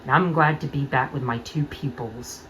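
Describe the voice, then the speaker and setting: A woman voicing a cheerful female train engine back home, in a fan-made audio drama, speaking lively and grateful. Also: a bass voice, moderate pace, a little hiss or hum, low-quality recording. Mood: glad.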